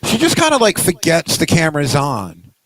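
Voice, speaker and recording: A man, a guest on a podcast, telling jokey stories in an animated way. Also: normal speed, no room sound, low-quality recording. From New York. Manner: animated storyteller, jokey, swoops in pitch. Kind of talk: casual live-stream chat.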